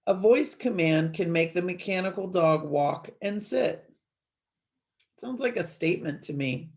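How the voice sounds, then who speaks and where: A woman teacher giving an online grammar lesson from her desk, explaining each step clearly with light playful asides to her students. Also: on the low side, lively intonation, a little slow, a little mellow. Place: at a desk, screen-sharing a worksheet.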